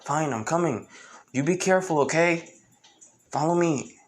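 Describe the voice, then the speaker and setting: A man's voice: a little high, expressive, a little slow, pitched above the performer's own voice. A man voicing a caring, protective father in a fan story he reads aloud, giving advice and warnings. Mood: urgent. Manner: urgent, protective.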